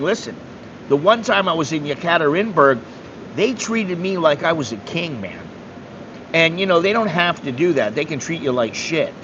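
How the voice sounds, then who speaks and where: American guy ranting through a travel story, kinda high voice, swears a lot, dull muffled audio. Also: a bit bright. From United States. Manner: blunt, swearing, acts out dialogue. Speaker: travel vlogger. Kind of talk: casual storytelling monologue. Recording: dull lo-fi sound with faint hum.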